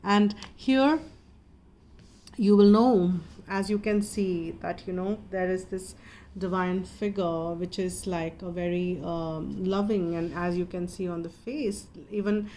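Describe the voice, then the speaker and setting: A woman giving a calm, meandering spiritual tarot reading in a gentle, reassuring way. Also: lowish voice, takes it slowly, a little hiss or hum. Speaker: tarot reader.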